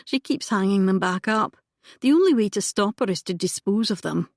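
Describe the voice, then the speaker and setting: A woman voicing a poised, witty young gentlewoman in a composed, genteel manner. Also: mid-range voice, animated, moderate pace, dry recording, studio quality, natural voice. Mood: pleasant.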